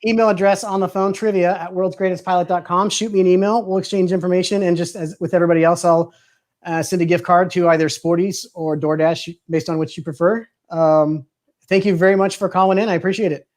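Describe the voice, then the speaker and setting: A man's voice: sits high, steady tone, quick pace, a little mellow. A man hosting a live stream over a video call, chatting casually, joking and laughing often. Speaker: livestream host.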